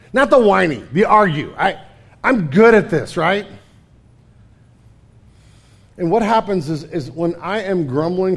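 High-voiced animated male preacher. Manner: animated, stammering restarts, swings from loud to hushed. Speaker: pastor. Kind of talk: sermon.

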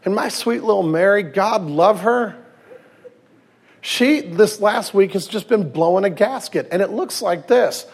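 A man in his thirties, a pastor preaching a sermon with lively storytelling, swinging from loud emphasis to hushed tenderness. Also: high-pitched, unhurried, gravelly, breathy edge. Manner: acts out quoted voices and anecdotes.

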